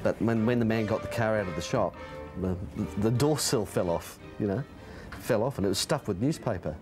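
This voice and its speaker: A man's voice: lowish voice, brisk, over music. A man with a New Zealand accent, interviewed in a pub, telling brash anecdotes with a chuckle. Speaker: interviewee, former tabloid consumer reporter.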